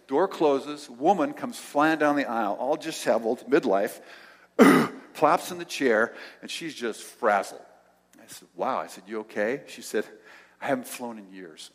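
An older male pastor telling a story in a sermon, acting out the dialogue and dropping to soft tones. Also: mid-range voice. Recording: long hall reverb.

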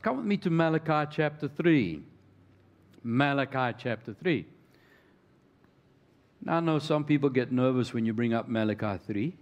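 A man's voice: fairly high pitch, a little mellow. A middle-aged male pastor preaching a sermon, reading scripture and calling out to the congregation with rising emphasis.

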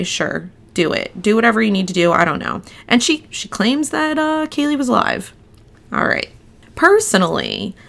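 A woman's voice: mid-range voice, creaky, a bit bright. A young woman hosting a casual true-crime podcast, chatty and full of "like" and "you know". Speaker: podcast host.

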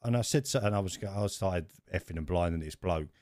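A man co-hosting a podcast, telling stories in an animated way. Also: low-pitched, a little fast, no echo, clean studio sound. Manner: animated storytelling, rising when worked up. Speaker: podcast co-host. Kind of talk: casual chat.

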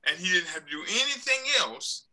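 A man's voice: sits high, sing-song, brisk, bright, forceful tone, low-quality recording. A man leading a church Bible study discussion, playing a doubtful convert to make his point.

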